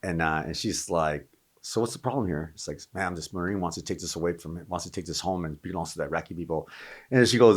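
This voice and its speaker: A middle-aged man with a deep, low voice tells a long war anecdote at a quick clip. He rambles, doubles back and restarts his sentences. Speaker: guest, Marine veteran. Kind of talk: casual storytelling.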